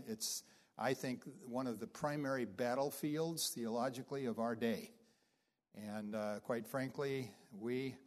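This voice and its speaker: A man teaching a Bible class, explaining scripture in an unhurried lecture style with frequent fillers, and reading passages aloud with emphasis. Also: mid-range voice.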